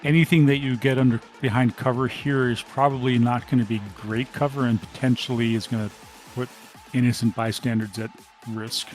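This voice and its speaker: Male GM, mid-pitched, steady descriptive narration, faint music bed. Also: a little fast. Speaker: game master. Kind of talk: narrating a tabletop game.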